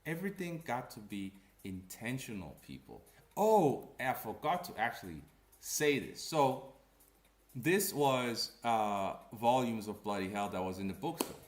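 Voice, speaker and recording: Man, comic creator ranting to camera: blunt, animated, slangy, recorded in an echoey room. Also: medium pitch, unhurried. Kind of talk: casual ranting commentary.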